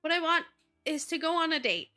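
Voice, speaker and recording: A woman's voice: extremely high pitch, lively intonation, fairly quick, pushed and bright, faint music behind, pitched above the performer's own voice, full character voice. A woman voicing a cheerful young woman in a dating game, eager and bubbly as she speaks. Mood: wistful, eager.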